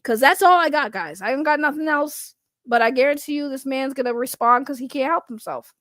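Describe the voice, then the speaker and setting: A woman's voice: sits high, fairly quick, a bit bright, dry recording. A woman doing casual livestream commentary, rambling and blunt, swearing freely and laughing often. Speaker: online commentator.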